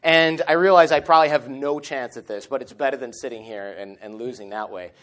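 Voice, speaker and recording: A man in his thirties giving a storytelling talk at a conference stage microphone, animated and acting out the lines he quotes. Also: medium pitch, fairly quick. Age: 30s. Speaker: conference speaker.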